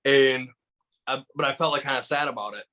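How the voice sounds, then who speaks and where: A comedian from Michigan telling stories in a casual chat, rambling with lots of restarts and fillers. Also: male voice, mid-range voice, a little fast, sharp tone. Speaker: guest comedian.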